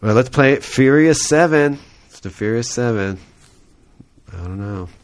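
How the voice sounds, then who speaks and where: A man's voice: medium pitch, animated, normal speed. A young man hosting a podcast, chatting casually and jokingly as he rambles and trails off mid-sentence. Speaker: podcast host. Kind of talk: casual movie-watching chat.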